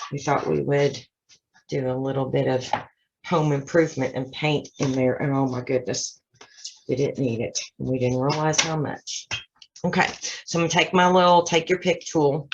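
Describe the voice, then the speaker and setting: Chatty woman with vocal fry. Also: deep voice, background noise. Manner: chatty, narrates each step, self-deprecating asides. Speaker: craft channel host. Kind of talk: casual card-making tutorial. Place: home craft desk. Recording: slightly dull lo-fi sound.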